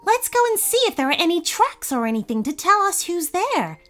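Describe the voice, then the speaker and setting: A woman's voice: very high-pitched, big pitch swings, moderate pace, a bit bright, faint music behind, voice pushed up, full character voice. A woman voicing a sensible, cautious young boy looking out for his little sister in a storybook reading. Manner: careful, reasoning, protective.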